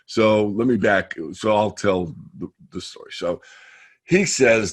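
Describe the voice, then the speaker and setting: A man's voice: low-pitched, a little slow, slightly rough. A man who grew up in the United States, a trader speaking as an interview guest, telling stories emphatically in a casual webinar chat. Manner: animated storytelling, emphatic. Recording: webinar call audio.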